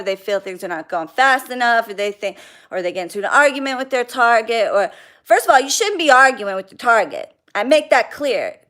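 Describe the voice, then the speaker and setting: A woman's voice: on the high side, a bit bright. Blunt woman venting on a livestream. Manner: blunt, venting, reads out viewer names and swears freely. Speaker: spiritual practitioner hosting a livestream. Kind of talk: casual livestream chat.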